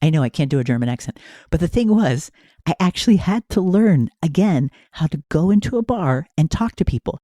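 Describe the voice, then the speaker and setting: A man in his forties from the United States narrates in an earnest, musing way. His voice is mellow and sits fairly high. The recording is close and dry. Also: lively intonation, brisk, dry recording. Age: 40s. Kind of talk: reflective narration.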